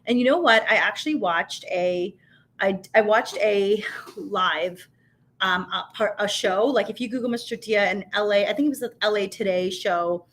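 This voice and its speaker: A woman in her thirties hosting a live tasting stream, chatting casually with viewers in an animated, filler-heavy way. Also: mid-range voice, moderate pace. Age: 30s. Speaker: host of a tasting show.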